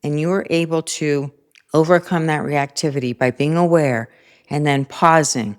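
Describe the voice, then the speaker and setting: Low-voiced woman giving a reflective spiritual talk. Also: normal speed, clean tone. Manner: calm, reflective, personal storytelling. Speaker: host. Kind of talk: spiritual self-help talk to camera.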